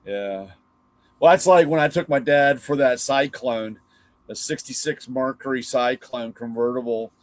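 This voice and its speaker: A middle-aged man hosts a live car talk show, speaking in a mid-range voice at a measured pace with no room sound. He casually spins rambling stories about old cars and his dad, swearing and acting out his father's lines in mimicked voices.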